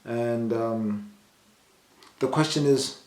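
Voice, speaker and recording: A young man from South Africa tells his stories casually to the camera. He talks in a middle-pitched voice and acts out the people he quotes by lifting his voice. The room around him rings with noticeable echo. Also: very slow, darkish tone. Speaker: vlogger.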